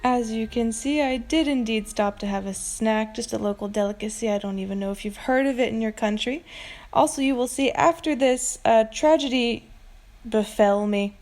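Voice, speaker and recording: A woman's voice: fairly high pitch, normal speed, a little mellow, soft background music. An American woman narrating her cooking video in a casual voiceover, joking at her own mistakes. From United States. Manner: self-mocking, joking. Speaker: cooking vlogger. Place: home kitchen, recorded voiceover.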